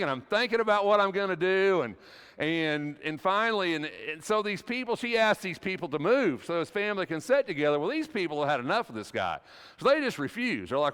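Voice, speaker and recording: A man's voice: a little high, sing-song, fairly quick, a bit bright, clear, resonant tone, big-room sound. A middle-aged man preaching a sermon in a church, folksy and conversational, telling a personal story with frequent restarts. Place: church sanctuary.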